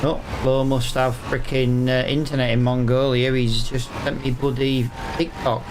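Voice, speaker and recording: Man, gameplay commentary, chatty and exasperated, mid pitch, faint background hiss. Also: level tone, moderate pace. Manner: chatty, exasperated, talks to viewers. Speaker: gaming streamer.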